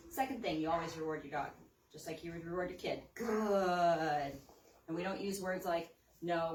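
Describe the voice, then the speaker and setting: A woman dog trainer giving an upbeat hands-on demo, calling out sharp high praise to a dog as she works. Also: slight background noise. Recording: roomy, mic at a distance.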